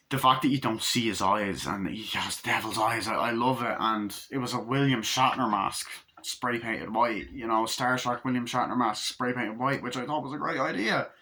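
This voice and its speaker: A man's voice: medium pitch, sharp tone. A young man in his twenties giving a casual, rambling film review, retelling scenes by mimicking the dialogue and swearing casually. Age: 20s. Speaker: movie reviewer.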